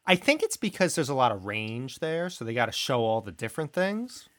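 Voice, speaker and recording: A man's voice: medium pitch, big pitch swings, a little fast, fairly bright tone. A man co-hosting a podcast, joking in a casual, mock-serious way. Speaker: podcast co-host. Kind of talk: casual comedic chat.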